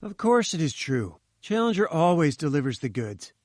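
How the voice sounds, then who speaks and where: A man's voice: on the high side, very animated, normal speed, darkish tone, no room sound, studio quality. A man voicing a cheerful, chummy young male journalist. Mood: breezy. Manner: breezy and chummy.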